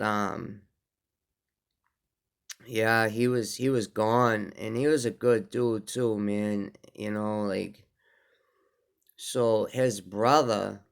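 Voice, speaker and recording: A man telling a personal story in a casual, halting way, full of fillers and restarts. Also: lowish voice, creaky.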